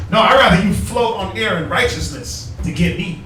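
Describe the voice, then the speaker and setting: A man preaching loudly on the street, calling out scripture readings and mocking in put-on voices. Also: sits high, normal speed, few pauses, soft background music. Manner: loud, forceful, calls for verses and mocks in put-on voices. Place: outdoors on a street. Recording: echoey, from far off, faint noise.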